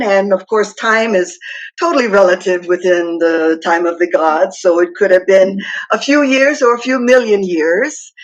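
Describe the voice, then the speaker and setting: A woman from Hawaii telling a traditional myth slowly and dramatically as a guest speaker. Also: mid-range voice, lo-fi sound. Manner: slow, dramatic storytelling that acts out the characters.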